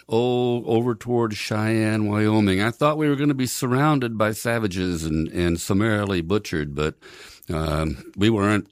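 A man's voice: low-pitched, no room sound, clean studio sound. An older man hosting a radio show, rambling and reminiscing with many fillers. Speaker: radio host. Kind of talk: casual radio talk.

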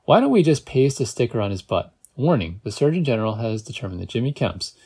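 A man's voice: mid-range voice, sing-song, fast, darkish tone, husky. Guy doing a queasy young dude, wry and strained. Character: sick, wry young man with aching head.

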